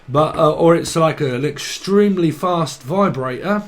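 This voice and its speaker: A man's voice: fairly high pitch, unhurried. Rambling man reading tarot. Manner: free-associating wordplay, giggly asides. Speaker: tarot reader. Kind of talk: rambling tarot channelling monologue.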